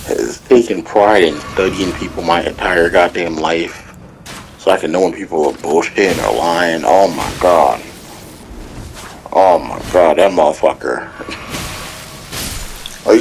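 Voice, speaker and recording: A man's voice: sits low, darkish tone, slight background noise, low-quality recording. A man hosting his own channel, giving a profane, heated solo rant and laughing often. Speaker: channel host.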